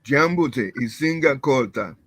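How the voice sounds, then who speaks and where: A man with a middle-pitched voice repeats practice phrases in a language class, careful and brief. He answers when called on and keeps it short. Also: animated, normal speed, a bit bright, slightly rough, no room sound. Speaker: language student.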